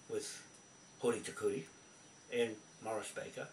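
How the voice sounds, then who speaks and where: A man's voice: medium pitch, very animated, fairly quick. Angry New man, profane confrontational rant, echoey room, off-mic. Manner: furious, swearing constantly, confrontational. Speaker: video poster. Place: indoors at a computer. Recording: roomy, distant from mic, faint background noise.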